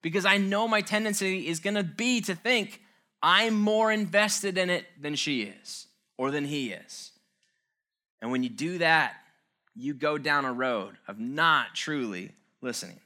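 A man's voice: on the high side, expressive, measured pace, pushed and bright. Earnest man giving a relationship talk. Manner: earnest, conversational, self-mocking asides. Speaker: speaker on relationships. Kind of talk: informal motivational talk.

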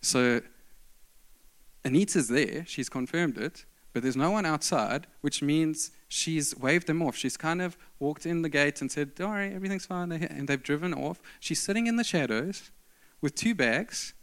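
A man telling a self-mocking story in a sermon, swinging between loud outbursts and hushed asides. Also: on the high side, lively intonation, unhurried.

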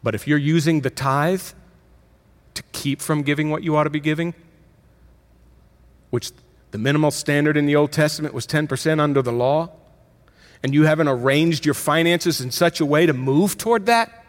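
A middle-aged male pastor preaches a sermon in a conversational style, his voice pitched a little high. He punctuates points with emphatic rises and corrects himself quickly.

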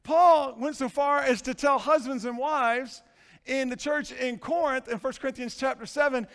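High-voiced male pastor preaching in a hall. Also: normal speed, vocal fry. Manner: animated preaching, swinging from hushed to shouting. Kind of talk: sermon. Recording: long reverb of a large hall.

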